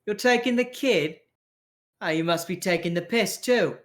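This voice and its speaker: A man's voice: high voice, normal speed, voice pushed up. Man putting on a brash swearing gangster. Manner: loud, crude, wheedling. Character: brash swearing male gangster with gold teeth.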